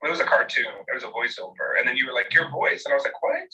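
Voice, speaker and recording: A man's voice: medium pitch, very fast, sharp tone, recorded from a distance, muffled recording. A man telling stories playfully in a casual audio-room chat. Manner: storytelling, playful.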